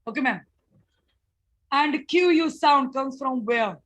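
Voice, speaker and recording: A woman, teaching a phonics workshop, explaining slowly and repeating sounds. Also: sits high, fairly bright tone, rough recording. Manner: slow, repetitive explaining with drawn-out sounds. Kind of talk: online phonics class for teachers.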